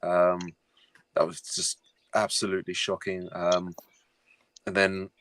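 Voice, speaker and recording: A man's voice: low-pitched, monotone, slow, fairly bright tone, dry recording, low-quality recording. A man giving a casual, hesitant fan reaction as a panel guest, with lots of ums and wry laughs.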